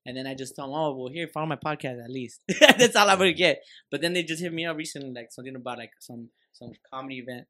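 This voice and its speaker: A man's voice: medium pitch, fast talker, hardly any pauses, sharp tone. A man hosting a podcast, telling stories in a rambling, slangy, profane way over a studio mic. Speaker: podcast host. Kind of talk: casual podcast chat.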